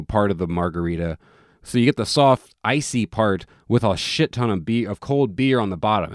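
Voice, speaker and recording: A man's voice: lowish voice, no room sound, studio quality. A man chatting casually as a podcast co-host, rambling and profane, with lots of restarts as he tells a story. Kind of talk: casual chat.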